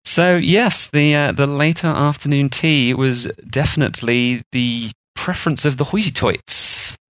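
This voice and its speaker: Male co-host, mid pitch, rambling and chatty, dry close sound. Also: unhurried, fairly bright tone, no room sound. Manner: rambling, chatty storytelling with fillers. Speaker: podcast co-host. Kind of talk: casual explanatory chat.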